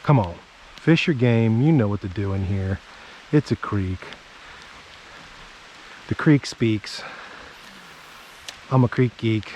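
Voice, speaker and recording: A man's voice: fairly low pitch, slow, pauses often. Man vlogging from a creek bank, hyped and chatty, faint outdoor noise behind. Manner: excitable, talks to himself and viewers. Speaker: fishing vlogger. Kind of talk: casual outdoor fishing commentary.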